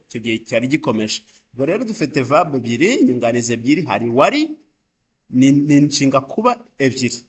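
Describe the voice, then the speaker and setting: A man teaching an English grammar lesson, reading example sentences slowly and explaining them quickly in between. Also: mid-range voice, husky. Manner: slow drilled example sentences, then rapid explanations. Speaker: language teacher.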